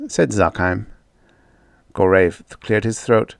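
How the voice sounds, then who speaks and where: A man reading a science fiction story aloud as an audiobook narrator, in a steady, descriptive manner. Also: lowish voice, a little slow, creaky, long pauses, no room sound, studio quality. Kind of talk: scripted narration.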